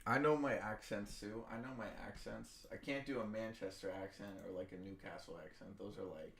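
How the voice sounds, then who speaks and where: A man's voice: fairly low pitch, fairly even intonation, brisk, vocal fry, a bit bright, a little hiss or hum. A man hosting a casual livestream, speaking in an offhand way and thinking aloud with many fillers. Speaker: stream host trading stocks.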